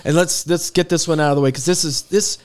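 Male host, easygoing, reads the news casually, slightly high voice. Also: fairly even intonation, fast. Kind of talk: casual chat and news rundown.

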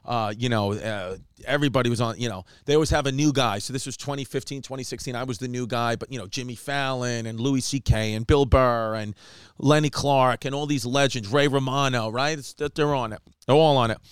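Male comic host, smooth resonant voice, dry close sound, animated raconteur. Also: mid-range voice, fairly quick, no room sound. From New York. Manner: animated storyteller, acts out quotes. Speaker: comedian podcast host. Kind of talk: casual storytelling chat.

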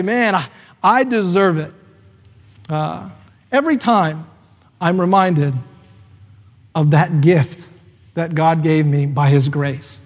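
A man's voice: high-pitched, big-room sound. A man in his thirties, a pastor, preaching a sermon as a chatty personal story, with fillers and acted-out quotes.

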